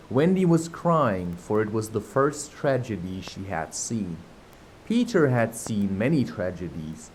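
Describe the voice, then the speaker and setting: Reading a classic children's novel for an audiobook, a man with a medium-pitched, darkish voice takes his time and often pauses for chatty, self-mocking remarks. The audio is poor, carrying a slight hiss or hum.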